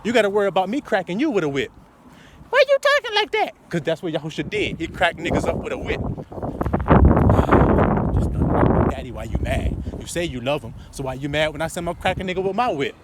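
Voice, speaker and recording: A man preaching loosely and profanely outdoors, swinging from muttering to loud outbursts. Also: fairly high pitch, animated, a little fast, noisy background. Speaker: street preacher.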